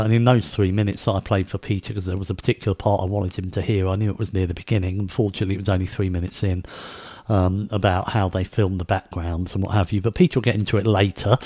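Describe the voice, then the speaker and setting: A man's voice: low voice, warm tone, no room sound. A man hosting a podcast, talking in a rambling way with many fillers and restarts. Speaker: podcast host. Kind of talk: casual podcast chat.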